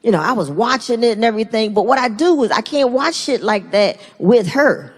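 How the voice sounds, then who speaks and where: A middle-aged woman performing a stand-up comedy set, animated and jumping into loud put-on voices for punchlines. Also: fairly high pitch, a little fast, breathy edge. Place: large theater stage. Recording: live theater stage mic with long hall reverb and audience laughter. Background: audience laughter and ambience.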